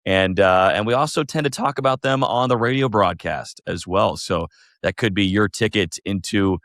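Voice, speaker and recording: Chatty low-voiced man co-hosting. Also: normal speed, a bit bright, dry recording, clean studio sound. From Indiana. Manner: chatty, laughs easily, repeats words. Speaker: podcast co-host. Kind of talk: casual sports talk.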